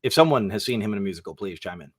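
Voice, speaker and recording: A man's voice: fairly low pitch, lively intonation, rapid-fire, slight background noise. A young man talks movies with friends, eager and rambling, his delivery full of fillers. He sounds like a podcast host who gets carried away with his opinions. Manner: enthusiastic, rambling, lots of fillers. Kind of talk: casual movie review chat.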